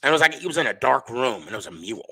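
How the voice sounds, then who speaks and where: Bright-voiced rambling stream host, a man. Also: medium pitch, very animated, rapid-fire, breathy edge. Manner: rambling, joking, self-interrupting. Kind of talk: casual live stream chat, reading viewer comments.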